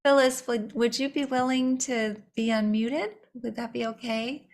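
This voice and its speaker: A woman's voice: a little high, steady tone, measured pace. A woman moderating an online session, friendly, reading audience questions aloud from the chat.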